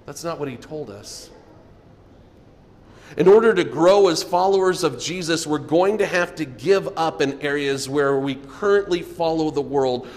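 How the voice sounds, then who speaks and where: Male preacher, high-pitched, earnest, softens for emphasis. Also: measured pace, long reverb tail. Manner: earnest, drops to a soft low voice for emphasis. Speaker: pastor. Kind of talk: sermon.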